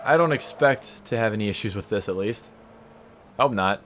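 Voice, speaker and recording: Playing a racing game from home, this let's play gamer rambles and mocks himself, breaking into silly sung stutters. He has a fairly low, slightly bright voice and a moderate pace, with a little hiss or hum in the recording.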